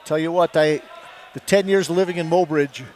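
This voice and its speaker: A man's voice: a little high, steady tone, normal speed, noisy background. A middle-aged man, a former coach, commentating a wrestling meet with rambling, chuckling anecdotes. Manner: rambling storyteller, chuckles often. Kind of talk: folksy play-by-play with anecdotes.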